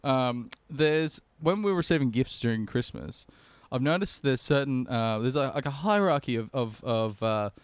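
A man's voice: mid-range voice, lively intonation, moderate pace, few pauses, smooth, no echo. A young man co-hosting a casual comedy podcast, rambling with fillers and laughter. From Australia. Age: young adult. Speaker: podcast co-host.

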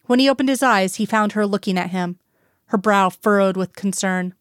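A woman reads a story aloud in a steady, even narrating voice. Her pitch sits in the middle of the range. The recording is close and dry, with no room sound. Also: normal speed, smooth, no room sound. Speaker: audiobook reader. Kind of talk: reading fan fiction aloud.

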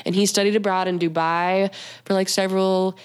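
A young woman from Montana telling stories in casual chat, laughing often and acting out quotes in a high voice. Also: level tone, moderate pace, clear, resonant tone.

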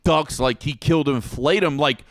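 A man's voice: a little high, brisk, dry recording. A man co-hosting a podcast, telling profane stories in casual chat and acting out the quotes. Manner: profane, animated storytelling with acted quotes. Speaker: podcast co-host.

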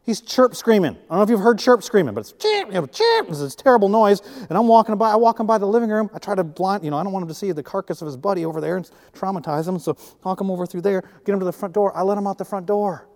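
A man preaching a sermon, telling a personal story with animated swings from hushed asides to excited bursts. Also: high voice, rapid-fire, hardly any pauses, long reverb tail. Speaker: pastor.

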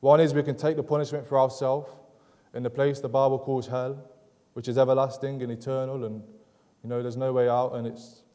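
A man preaching a sermon in an earnest, measured way, driving points home through repetition. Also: mid-range voice, level tone, mellow, big-room sound. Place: church sanctuary.

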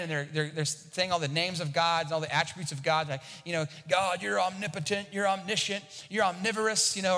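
A pastor preaches a sermon in a high-pitched, sharp-toned voice, with the sound of a big room around him. He talks conversationally and often repeats a word as he begins a thought.

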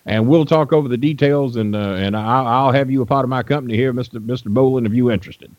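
A man's voice: medium pitch, fast talker, darkish tone, dry recording, muffled recording, pitched above the performer's own voice, close to an everyday voice. A man putting on the voice of a folksy older male wrestling promoter, friendly and drawling.

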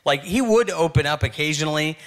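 A man's voice: a little high, lively intonation, fairly quick, fairly bright tone. A man telling a wry, self-mocking stand-up story. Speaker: stand-up comedian.

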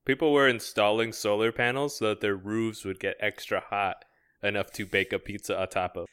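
A man's voice: lowish voice, fairly even intonation, moderate pace, fairly bright tone, clean tone. A man co-hosting a podcast, chatting casually and joking, laughing often. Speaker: podcast co-host. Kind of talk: casual comedic chat.

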